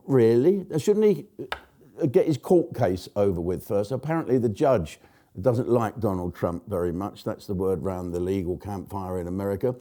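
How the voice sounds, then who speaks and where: A man's voice: medium pitch, mellow. An older man hosting his own show, delivering a blunt, jokey political rant in a casual monologue. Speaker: show host.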